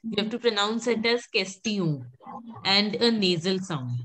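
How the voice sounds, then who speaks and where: A woman's voice: mid-range voice, lively intonation, normal speed, a bit bright. A woman teaching French pronunciation in an online class, patiently repeating words and calling on students by name. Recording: noisy background.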